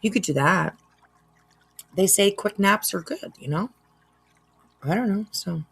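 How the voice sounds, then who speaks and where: A woman's voice: medium pitch, a little slow, vocal fry, a bit bright, husky. A woman hosting a casual reaction livestream, chatty and laughing often as she reads out chat. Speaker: livestream host.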